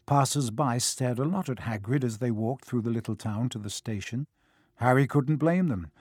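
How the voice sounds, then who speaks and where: A man narrating a children's fantasy audiobook in a steady storytelling manner, recorded in a studio. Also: medium pitch, moderate pace, husky, no echo. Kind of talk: scripted narration.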